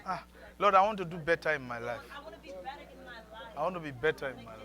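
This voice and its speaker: A man's voice: a little high, animated, brisk, crowd noise, low-quality recording. A man preaching a sermon as pastor, leading the congregation in repeated prayer lines.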